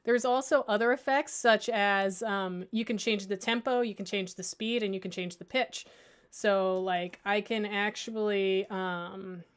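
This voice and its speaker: A woman at an ordinary pitch walks a class through audio editing in a relaxed, chatty way. She pads her sentences with fillers, restarts mid-thought and jokes at her own slips. It sounds like an informal library workshop, not a script. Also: a little slow, smooth. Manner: chatty, many fillers and restarts, thinks aloud; playful, lightly self-mocking. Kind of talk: casual screen-share software tutorial.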